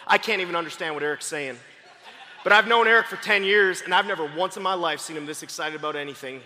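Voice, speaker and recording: A man giving a motivational sales training talk, fast-talking and excitable, often shouting. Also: on the high side. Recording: long hall reverb.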